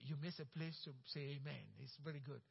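A man preaching a sermon as pastor, acting out quoted coworkers and swinging from loud, bold lines to hushed ones. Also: fairly high pitch, steady tone, quick pace, gravelly, breathy edge. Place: church sanctuary. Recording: dull sound with long church reverb.

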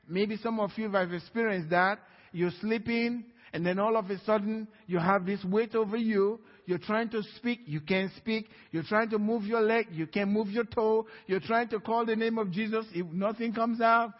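Male preacher, storytelling sermon delivery with quiet-to-loud swings, husky tone, dull lo-fi sound. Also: sits high. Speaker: guest preacher. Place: church sanctuary. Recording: dull, reverberant church hall.

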